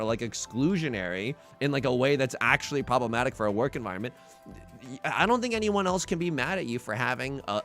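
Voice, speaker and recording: A man streaming a game while casually chatting and answering chat, animated and self-deprecating. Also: mid-range voice.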